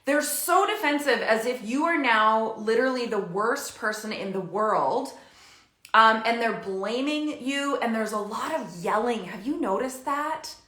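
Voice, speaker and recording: A woman parenting coach in her thirties giving casual advice to camera, chatty and animated, with frequent fillers and laughs. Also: a little high, measured pace. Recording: echoey room.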